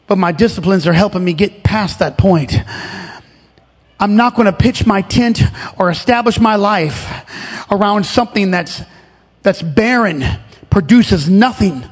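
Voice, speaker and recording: A man with a strikingly high voice preaches a fervent sermon as pastor. He swings between ringing shouts and conversational rhetorical questions to his congregation. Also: a little slow, in a large hall.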